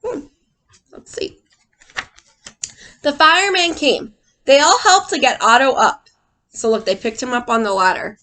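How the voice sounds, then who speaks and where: A woman teacher reading a picture book aloud to children in an animated way, stopping to ask them questions. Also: sits high, measured pace, pauses often.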